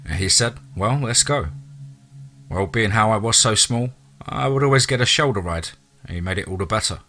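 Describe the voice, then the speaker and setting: A man narrating a listener's true ghost story in a dramatic storytelling manner, dropping into low asides. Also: moderate pace, sharp tone.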